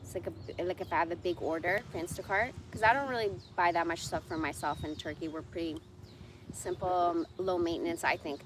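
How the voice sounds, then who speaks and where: A blunt, foul-mouthed woman in her forties, a livestreamer, vents in a casual ranting monologue. Her voice is lowish and brisk, and the audio has a little hiss or hum.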